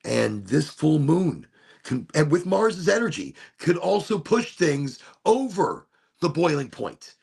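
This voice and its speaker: A man in a casual, rambling vlog monologue, talking slowly and emotionally with restarts and sighs, indoors at home. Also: a little high, very animated, creaky, a little mellow, slightly rough. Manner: slow, dreamy and emotional, with many restarts and sighs. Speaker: vlogger.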